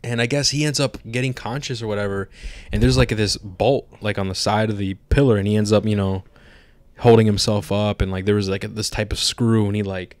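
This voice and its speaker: A man co-hosting a podcast, excitedly retelling movie scenes in casual, profane chat. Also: lowish voice, brisk, no room sound. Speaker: podcast co-host.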